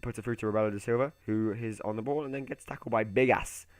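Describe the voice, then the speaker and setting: A young man giving casual, chatty commentary over a football video game, excitable and given to muttered asides. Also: fairly low pitch, quick pace, no echo. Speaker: gaming YouTuber.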